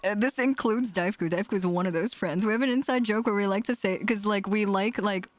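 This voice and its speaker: A woman's voice: mid-range voice, a little fast, dry recording, faint music behind. A woman streamer chatting casually on a livestream, giggling often, joking crudely and rambling with lots of fillers and restarts.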